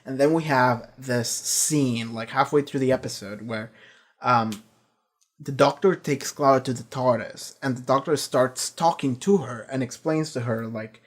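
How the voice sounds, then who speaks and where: A man giving a casual, rambling review of a TV season, swearing freely and retelling scenes with quick quoted lines. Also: mid-range voice. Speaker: show reviewer.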